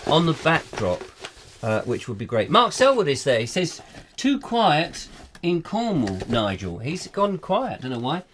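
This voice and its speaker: Man with a sore croaky throat, lively sing-song pitch, playful rambling chat, noisy live stream. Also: normal speed. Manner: rambling, playful and absent-minded. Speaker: co-host. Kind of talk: comic live chat show, reading out viewer comments. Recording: live stream with clear background noise.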